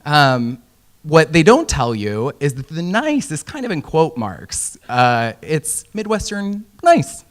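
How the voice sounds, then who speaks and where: A man's voice: on the high side, wildly swooping pitch, measured pace, hardly any pauses. A young man from Indiana giving a casual, joking conference talk with many fillers. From Indiana, USA. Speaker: conference speaker. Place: conference hall.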